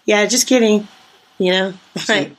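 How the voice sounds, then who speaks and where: A woman's voice: medium pitch, measured pace, rough recording. A woman co-hosting a podcast in a rambling casual chat, full of fillers and giggles. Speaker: podcast co-host.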